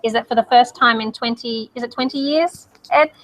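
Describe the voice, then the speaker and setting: A woman's voice: fairly high pitch, brisk, rough recording. A woman co-hosting a casual video call chat, talking in a direct, matter-of-fact way. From Australia. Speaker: co-host.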